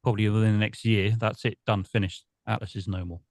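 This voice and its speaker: A man co-hosting a casual chat show, easygoing and quick to laugh. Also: lowish voice, flat delivery, a little mellow, no echo.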